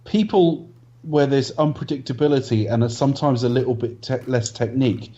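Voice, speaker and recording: A man's voice: medium pitch, fairly quick, warm tone, a little hiss or hum. A man co-hosting a casual film review podcast, giving blunt, dismissive opinions with the odd swear. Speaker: podcast co-host. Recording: dull lo-fi podcast audio.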